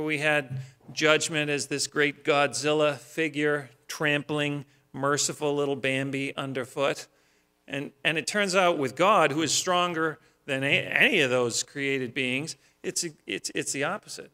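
A man's voice: on the high side, sharp tone. A male pastor preaching a sermon in a homely, storytelling way, often repeating words as he starts a phrase.

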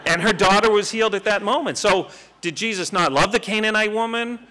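A man giving an animated, conversational Bible teaching, with frequent rhetorical questions. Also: sits high, a little fast, slight background noise.

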